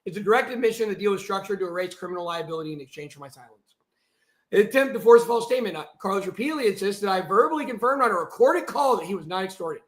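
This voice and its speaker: A man on a live stream, reading a document aloud and breaking into heated, shouted asides. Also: sits high, expressive, very fast, echoey room. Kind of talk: livestream monologue reading out a document.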